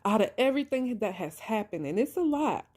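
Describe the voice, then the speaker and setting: A woman's voice: on the high side, very animated, fairly quick, a little mellow. A woman, talking passionately about faith and surviving abuse. She speaks like a preacher and repeats points for emphasis. Her voice is wearing thin and she is close to tears. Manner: addresses listeners as "y'all". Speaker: vlogger sharing her story. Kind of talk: heartfelt faith-based monologue.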